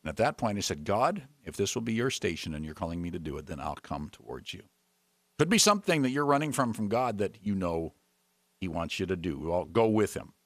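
Male preacher, sermon, storytelling, very expressive pitch, dry close sound. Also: fairly quick, no echo. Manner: animated storytelling, voicing characters in the story.

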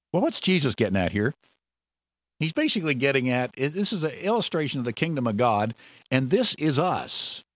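A man preaching a sermon who talks in a lively, animated way and jumps higher and louder on key words.

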